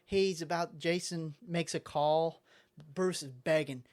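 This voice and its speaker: A man's voice: fairly high pitch, slow pace. A man co-hosting a casual podcast, recapping a comic book plot step by step in a conversational way. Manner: steady plot recap, acts out quotes. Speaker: podcast co-host. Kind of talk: casual chat.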